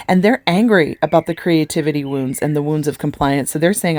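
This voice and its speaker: A woman's voice: low voice, a little fast, hardly any pauses, a little mellow, dry recording. A woman life coach giving an earnest live coaching talk, asking many rhetorical questions and getting emotional.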